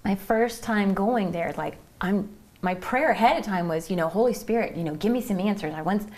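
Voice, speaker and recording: A woman's voice: medium pitch, normal speed, darkish tone. A woman from Ohio with a mid-range voice talks earnestly on a faith podcast. She explains step by step in a casual, conversational way. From Ohio, United States. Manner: earnest, explanatory, frequent "mm-hmm" backchannel. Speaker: podcast co-host. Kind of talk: casual faith chat, teaching.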